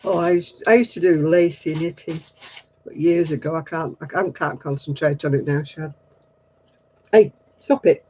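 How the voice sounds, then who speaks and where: A woman's voice: deep voice, steady tone, moderate pace, darkish tone, slightly rough, low-quality recording. A woman hosting a casual live video chat, talking about knitting while coaxing and scolding a restless dog. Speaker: host of a live stream. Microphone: computer or phone on a video call.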